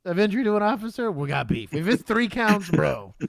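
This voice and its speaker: A man's voice: high voice, brisk, creaky, no echo, studio quality. A man co-hosting a casual show, reacting to police videos with profane jokes and frequent laughter. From Texas. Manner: animated, profane, laughs often. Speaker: podcast co-host, former police officer.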